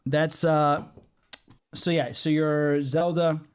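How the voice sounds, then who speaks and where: A man's voice: a little high, level tone, slow pace, clear, resonant tone. A man hosting a casual comics podcast, explaining his points firmly with many ums and uhs. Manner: assertive, explains at length with fillers. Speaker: podcast host. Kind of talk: casual chat.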